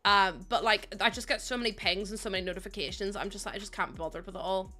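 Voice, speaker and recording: A woman's voice: mid-range voice, fairly even intonation, fast, bright, forceful tone. A young woman chatting casually while streaming a game, telling rambling stories and laughing often. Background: faint background music.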